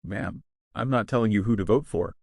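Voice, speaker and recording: A weary male election worker who speaks slowly and calmly, as if explaining to a child, read by a man narrating the story. The voice is low and dry, with no room around it. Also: vocal fry, dry recording. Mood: patient. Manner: slow, calm, explaining carefully.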